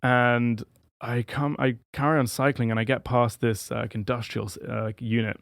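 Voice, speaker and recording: A man's voice: mid-range voice, moderate pace, creaky, no echo. A young man, a podcast guest animatedly telling a story and acting out what others said. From England. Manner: lively storyteller who acts out what others said. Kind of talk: casual storytelling interview.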